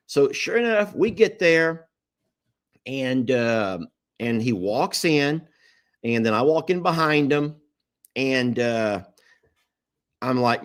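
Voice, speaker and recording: Animated man telling a story. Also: medium pitch, slow pace, long pauses. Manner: animated, apologetic, acts out quotes with laughs. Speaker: host telling a family story to live viewers. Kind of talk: casual storytelling livestream.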